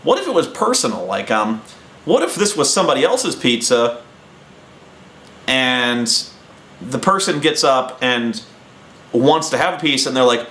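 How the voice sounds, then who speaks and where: Male host, rambling storyteller, lively pitch, echoey room. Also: measured pace, long pauses, a little hiss or hum. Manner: rambling, animated, acting out quotes. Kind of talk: casual anecdote telling.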